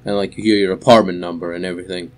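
A man's voice: low-pitched, fairly even intonation, rapid-fire, darkish tone. A young man narrating as game master for a tabletop game, in a loose, rambling way with many fillers.

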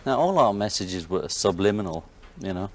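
A man's voice: sits low, expressive, moderate pace. A man in his thirties with a Liverpool accent, a musician guest on a talk show, talking in an offhand, wry way and laughing between remarks. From England. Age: 30s. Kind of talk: casual talk-show interview. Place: television studio set.

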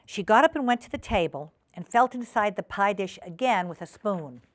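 A woman hosting a community TV show, reading a children's story aloud in a gentle, unhurried way in a studio. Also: mid-range voice, animated. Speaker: storyteller host.

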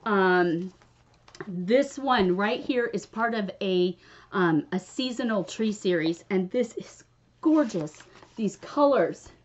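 A woman's voice: mid-range voice, animated, slow, dull audio. A woman chatting casually in a stitching vlog, rambling and gushing over gifts. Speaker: cross stitch vlogger. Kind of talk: casual chat.

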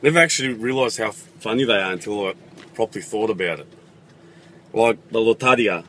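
Young aussie guy ranting, sarcastic and sweary, bright voice, faint noise. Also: lowish voice, brisk. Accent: Australian. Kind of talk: comedic vlog monologue.

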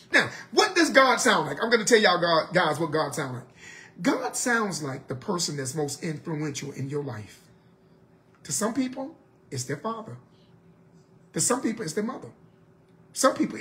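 A man with a fairly high voice teaches a Bible study in full preaching mode. His pitch leaps up and down as he presses the listeners with questions. He turns from loud urging to low, quiet asides. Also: a little hiss or hum. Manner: emphatic, asks the listeners rhetorical questions. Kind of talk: sermon-style Bible teaching.

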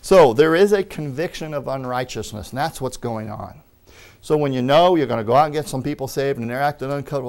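A man preaching a lively sermon, acting out quoted voices and laughing along the way. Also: medium pitch, fast.

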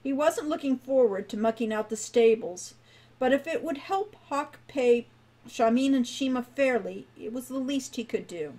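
A woman's voice: a little high, a little mellow, low-quality recording. A woman author giving a live reading of her young adult fantasy novel, narrating steadily and expressively.

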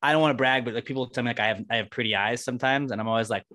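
A man's voice: medium pitch, very fast, pushed and bright. A man co-hosting a podcast in casual chat, rambling loosely and often acting out the voices of the people he quotes. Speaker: podcast co-host.

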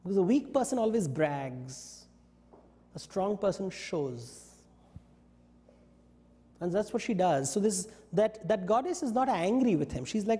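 Lively storytelling man in a reverberant room. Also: sits high, unhurried, pauses often. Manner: animated storytelling, briefly acting out characters' lines. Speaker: invited speaker. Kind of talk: lecture on mythology. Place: yoga studio talk.

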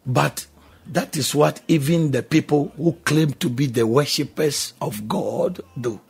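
A man's voice: a little high, unhurried, gravelly, a little mellow, slightly rough, soft background music. A man with a Ghanaian accent preaching a radio sermon, emphatic, firing exclamations and questions at the listener. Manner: alternates between two languages. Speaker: pastor.

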